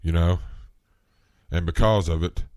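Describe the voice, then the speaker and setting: A man hosting a solo podcast, talking in an earnest, rambling way, getting worked up and rising in pitch at times. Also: steady tone, measured pace, dark tone, no room sound, clean studio sound. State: coughing, clearing throat. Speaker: podcast host.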